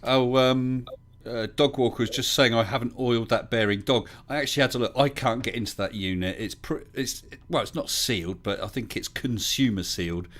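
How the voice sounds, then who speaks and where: A man's voice: mid-range voice, moderate pace, fairly bright tone. A middle-aged man from the south of England hosting a livestream, chatting casually, telling stories and reading viewer comments aloud. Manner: chatty storyteller, reads chat aloud. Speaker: livestream host.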